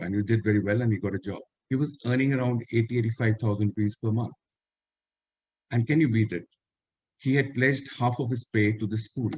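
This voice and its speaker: An older retired army general speaks in an Indian English accent, his mid-range voice darkish in tone with a breathy edge. Addressing a webinar over a video call, he tells earnest stories, repeating key lines and giving others' words in direct speech.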